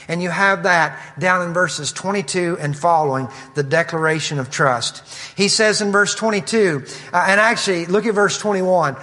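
A man's voice: high voice, normal speed, fairly bright tone. A man preaching an expository sermon, reading scripture quotes in an earnest, emphatic way. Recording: long hall reverb.

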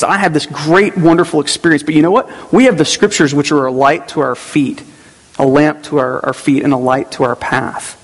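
A man preaching a conversational sermon as pastor, with personal asides. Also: fairly high pitch. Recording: long hall reverb.

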